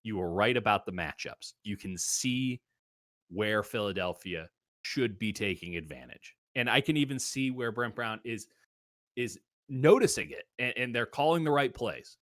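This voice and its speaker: A man's voice: fairly low pitch, animated, moderate pace, a bit bright, no room sound, studio quality. A man hosting a sports betting show, giving his picks in casual talk and riffing with comic exaggeration. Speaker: sports betting podcast host.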